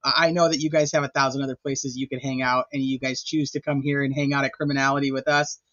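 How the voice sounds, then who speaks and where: A man's voice: mid-range voice, flat delivery, fast talker, a bit bright, no room sound, dull audio. A man hosting a casual livestream chat, rambling and chatty with lots of filler words. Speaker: host.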